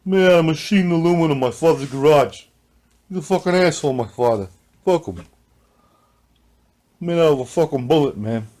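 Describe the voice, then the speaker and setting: Man doing a Long Island hothead: young, loud, foul-mouthed, always looking for a fight. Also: a little high, normal speed, pauses often, pitched above the performer's own voice, lightly acted. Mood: belligerent. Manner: loud, cursing, picking fights. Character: hot-headed young Long Island tough guy.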